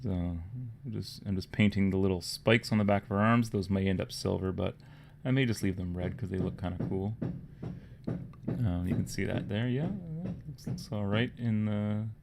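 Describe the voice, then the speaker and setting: A man from Canada with a Toronto accent, hosting a casual livestream, rambling and low-key and often trailing off into quiet murmurs. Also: moderate pace, vocal fry, background noise. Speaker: livestream host. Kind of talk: casual livestream chat while painting miniatures.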